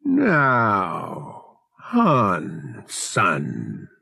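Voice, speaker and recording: A man reading an audiobook, voicing a menacing older male ship captain who talks in a wheedling, drawn-out way with big swoops in pitch. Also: wildly swooping pitch, vocal fry, sharp tone, breathy edge, dry recording, clean studio sound, heavily acted. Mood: coaxing. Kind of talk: audiobook character voice.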